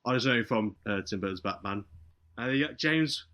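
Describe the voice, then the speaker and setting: A man with a lowish voice, at a moderate pace, gives a casual podcast rundown of a movie's plot. He brings it to life by acting out what the characters say.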